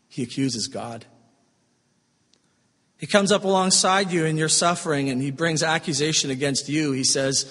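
Husky preacher in a reverberant hall. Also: male voice, fairly high pitch. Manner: swings from loud emphasis to hushed, slow tender passages. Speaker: pastor. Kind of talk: sermon.

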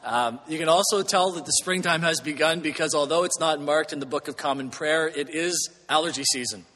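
A fairly high-voiced man preaching as pastor, his words ringing out with a long church reverb. He is earnest but slips in dry humorous asides. He slows and rises to stress the key phrases. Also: pushed and bright. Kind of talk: sermon. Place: church sanctuary.

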